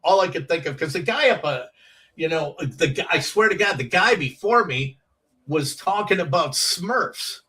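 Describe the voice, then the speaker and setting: A comedian telling animated stories from his years on the comedy circuit, acting out the voices of people in them. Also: fairly high pitch, moderate pace, recorded from a distance, poor audio. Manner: animated storyteller, acts out quoted voices. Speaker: comedian guest. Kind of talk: casual storytelling.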